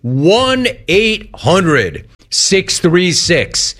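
A man's voice: sits high, big pitch swings, very slow, a bit bright. A man hosting sports talk radio, ranting in a sarcastic, mocking way.

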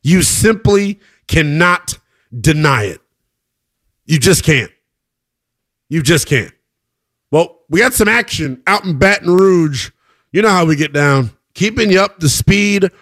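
A man hosting a live sports radio show, hyping scores with swings between loud calls and low asides.

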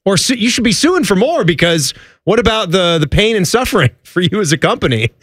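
A man's voice: sits high, sing-song, brisk, a bit bright, dry recording, studio quality. A man co-hosting a casual talk show, conversational and filler-heavy. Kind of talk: casual chat.

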